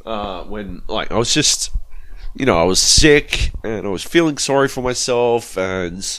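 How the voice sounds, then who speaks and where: An Australian man on a gaming podcast who talks in a fairly low voice with lots of swing in it. He rambles through his stories and swears freely along the way. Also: lively intonation, measured pace, a bit bright. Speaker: podcast co-host. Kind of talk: casual chat.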